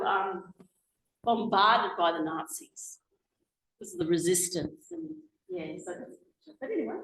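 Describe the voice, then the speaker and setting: A woman's voice: high-pitched, slight background noise. Passionate woman in an echoey hall. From Australia. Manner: passionate, emphatic. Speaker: guest speaker. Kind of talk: public talk with slides. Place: meeting hall.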